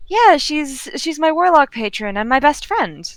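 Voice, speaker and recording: A woman voicing a relaxed, kindly male shopkeeper who talks in a casual, soothing way. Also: high-pitched, unhurried, no echo, pitched above the performer's own voice. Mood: cheerful. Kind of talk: tabletop role-play.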